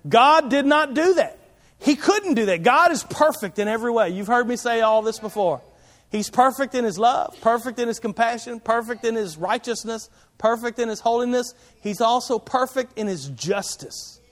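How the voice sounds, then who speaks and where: A pastor delivers a sermon in a notably high male voice. His preaching is conversational yet emphatic, full of asides to the congregation. The sound carries the long reverb of a large church hall. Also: normal speed.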